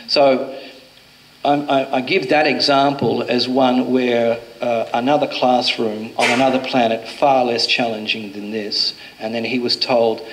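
A hypnotherapist giving a talk, a man recounting a session with a client as a lively storyteller who acts out the dialogue. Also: mid-range voice, a little hiss or hum, rough recording. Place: event venue before an audience.

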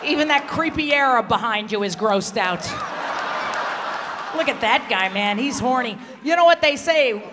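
Brash female insult comic on a theater stage mic, long hall echo and a loud live crowd behind her. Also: on the high side, animated, normal speed, background noise. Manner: brash, crude, teasing the crowd, often shouting. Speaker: stand-up comedian. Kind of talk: live insult comedy set. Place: stage in a large theater before a live audience.

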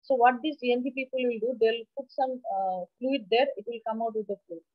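A woman lecturing on anatomy in an online class, with a fairly high voice and a steady teaching manner. She often checks in with the class as she explains. The audio is dry and dull, like a lo-fi video call mic. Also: brisk, dry recording. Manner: explanatory, asks the class questions. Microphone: computer mic on a video call.

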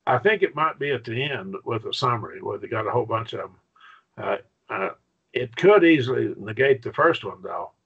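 A man lecturing a Bible Greek class, folksy and patient, checking in with his students as he goes. His voice is gravelly and a little husky. The recording sounds dull and lo-fi. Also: medium pitch, lively intonation. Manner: folksy, repeats "okay?", slows down to stress points.

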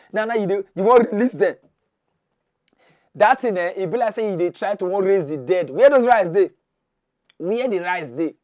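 High-voiced Nigerian Pidgin comic host. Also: male voice, dry recording. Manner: excitable, mocking, swings between shouting and muttering. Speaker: mock news host.

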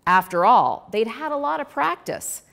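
A woman reading her children's picture book aloud, with expressive storytelling and asides to the host. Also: on the high side, moderate pace, creaky.

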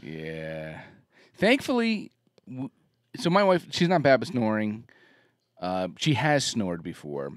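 A fairly low-pitched man co-hosting a podcast in casual chat. His voice rises and falls in a lively way as he rambles with restarts. The sound is close and dry. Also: takes it slowly, dry recording. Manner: rambling, restarts, laughs along. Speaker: podcast co-host.

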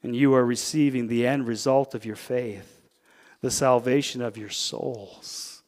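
A man with a Canadian accent, a pastor preaching a sermon, who swings from loud, emphatic peaks down to hushed, intimate asides. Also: mid-range voice, steady tone, unhurried, big-room sound. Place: church sanctuary.

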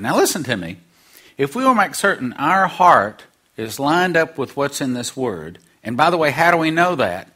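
A man's voice: on the high side, sharp tone. A man preaching a sermon, acting out quoted voices and dropping humorous asides.

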